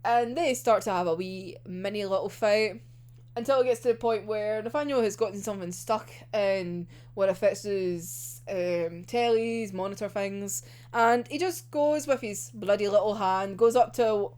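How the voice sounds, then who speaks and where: A woman's voice: medium pitch, measured pace, a little mellow. A woman recapping an anime episode in casual talk, laughing often, swearing freely and acting out the characters' lines.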